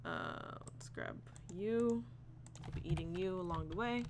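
Her fairly low voice swings hugely in pitch, a little slow and full of vocal fry, as she plays a video game and chats casually. A giggly let's player, she talks to the animals and tries out silly voices over some background noise.

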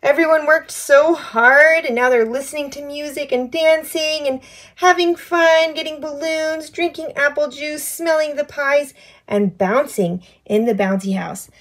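A woman teacher reading a farm picture book aloud to children, acting out sound effects and asking the child to find things on the page. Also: high-pitched. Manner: slow, sing-song, making animal and machine sound effects; asks the child questions and prompts button pushes. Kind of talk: children's storytime read-aloud.

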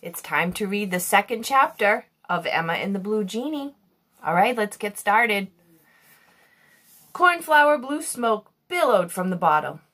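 Animated woman reading a storybook aloud. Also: mid-range voice, a little slow. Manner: expressive, animated. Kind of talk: reading a children's book aloud.

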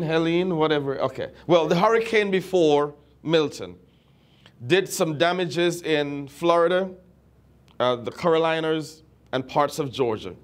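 A middle-aged man preaching in a high voice. He speaks slowly and deliberately, repeating phrases for emphasis as he works through a scripture passage. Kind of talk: sermon.

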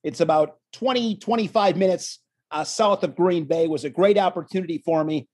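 A man who works as a wrestling commentator, guest on an interview show, telling stories in an animated way and acting out what people said. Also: sits high, fairly quick, slightly rough. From Wisconsin. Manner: animated storyteller, acts out quotes. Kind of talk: casual storytelling interview.

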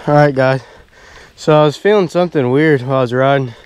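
A man's voice: medium pitch, fast, clear, resonant tone, no room sound. A man casually chatting while riding his mountain bike on wooded trails, talking into an action camera outdoors. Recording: noisy outdoor action-cam audio.

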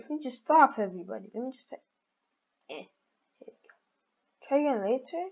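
A woman giving casual game commentary as a channel host, excitable and giggly, teasing the other players. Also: high-pitched, normal speed, long pauses. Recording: dull lo-fi audio.

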